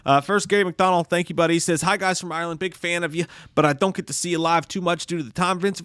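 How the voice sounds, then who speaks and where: A man's voice: sits high, steady tone, fast talker, a bit bright, smooth, no room sound, studio quality. A man co-hosting a casual live stream, reading viewer comments aloud and telling stories with animation and plenty of swearing. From United States. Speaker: podcast co-host reading chat.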